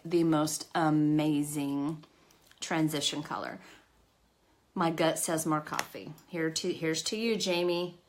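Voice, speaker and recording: A woman's voice: low-pitched, a little hiss or hum. A middle-aged woman hosting a casual live makeup tutorial, chatty and self-deprecating, greeting viewers by name. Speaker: makeup livestream host.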